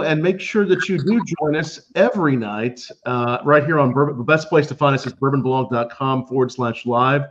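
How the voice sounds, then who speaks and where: A man hosting a live tasting stream, chatty and self-deprecating, asking questions and plugging his show. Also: medium pitch. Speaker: livestream host. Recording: muffled lo-fi stream audio.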